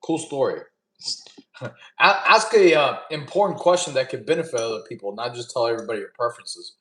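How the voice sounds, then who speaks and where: Slightly fast and a bit bright, this man's mid-range voice rings with reverb. In his thirties, he hosts a relaxed stream by a campfire, reading chat questions aloud and coaching viewers with blunt, laid-back fitness advice.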